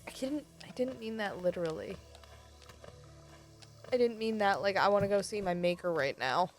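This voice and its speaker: A woman's voice: medium pitch, normal speed, faint music behind. A woman streaming a game, talking casually with sarcastic, self-mocking commentary and frequent swearing.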